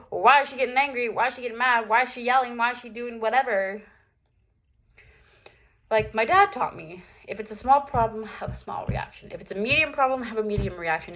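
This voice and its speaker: A woman's voice: mid-range voice, fairly bright tone, muffled recording. A young adult woman talking candidly and earnestly to her viewers in a personal vlog, with plenty of casual fillers. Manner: earnest, open, lots of "like" fillers. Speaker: vlogger.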